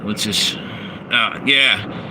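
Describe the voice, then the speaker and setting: Speaking extremely slowly in a lowish voice, the streamer rambles profanely while livestreaming from his parked car, reading chat and chuckling at his asides. He holds the phone in hand, so the noisy audio carries the hum of the engine and air conditioning.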